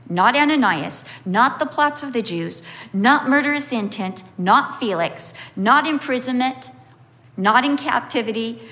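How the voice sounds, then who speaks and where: A woman preaching a sermon, emphatic and expressive, repeating key phrases and acting out the voices of others. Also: in a large hall. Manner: expressive, acts out voices with big pitch swings; emphatic repetition.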